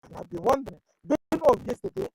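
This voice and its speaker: A woman's voice: sits high, big pitch swings, fast talker, warm tone, slight background noise, poor audio. A woman with a Nigerian accent giving impassioned commentary as an activist, pleading and firing off rhetorical questions, at times switching into prayer.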